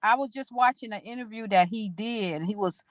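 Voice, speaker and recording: A woman's voice: medium pitch, a little fast, no echo. A middle-aged woman talks straight to her viewers on a phone livestream, rambling and emotional, dropping casual swears. The sound is dry and a bit dull, like a phone outdoors. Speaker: vlogger talking to viewers. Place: outdoors at a park.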